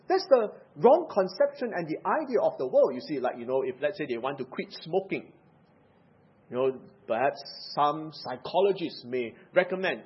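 A male preacher with a high, lively voice and a husky edge, delivering an emphatic sermon. He swings from loud, pressed stresses to quiet, low asides. The recording sounds dull and lo-fi. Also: moderate pace.

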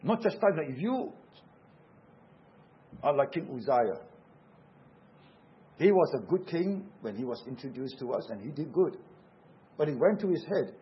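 A man's voice: a little high, very animated, moderate pace, pauses often, muffled recording. A man preaching a sermon in an earnest, emphatic way, repeating key words for weight. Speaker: pastor.

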